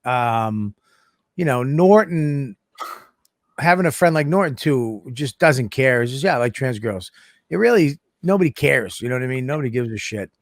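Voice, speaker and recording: A man's voice: medium pitch, lively intonation, moderate pace, no echo. Rambling male co-host, dry close mic. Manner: rambling, crude joking. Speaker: podcast co-host. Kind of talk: casual podcast chat.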